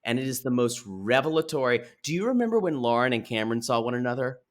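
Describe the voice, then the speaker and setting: A man co-hosting a podcast, recapping a reality TV episode in gossipy, animated casual chat and speaking to listeners as y'all. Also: medium pitch, fast talker. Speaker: podcast co-host.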